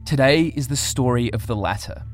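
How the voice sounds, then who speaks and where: Male podcast host, scripted news narration, grave and measured, middle pitch, soft music bed.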